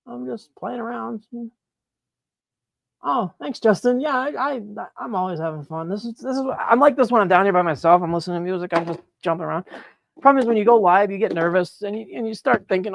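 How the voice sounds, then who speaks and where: A man chatting excitedly on a live stream as he works on his mushroom grow, laughing and apologizing often. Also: high voice, fairly quick, creaky. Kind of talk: live-stream chat while working. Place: grow room, indoors.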